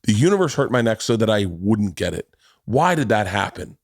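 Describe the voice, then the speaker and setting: A man in his forties hosting a podcast, telling a long story in casual chat, animated and swearing, jumping into quoted voices. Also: fairly low pitch, moderate pace, dry recording, clean studio sound. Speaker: podcast host.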